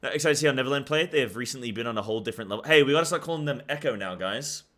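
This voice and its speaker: A man's voice: medium pitch, expressive, racing, a bit bright. A young man streaming, chatting casually about a game and rambling in loose, filler-heavy sentences. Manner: talks in loose run-on thoughts with many fillers.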